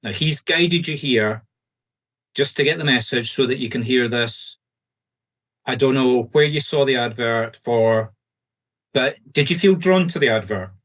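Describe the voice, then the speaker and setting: A man with a Scottish accent working as a medium, giving fast, insistent, reassuring readings to a group over a video call. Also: medium pitch, a bit bright. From Scotland.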